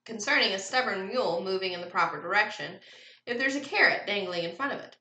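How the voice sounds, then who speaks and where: Bright-voiced teacher reading aloud. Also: female voice, mid-range voice. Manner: lively character voices while reading. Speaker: fourth grade teacher. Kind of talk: reading a novel aloud to a class. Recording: echoey room.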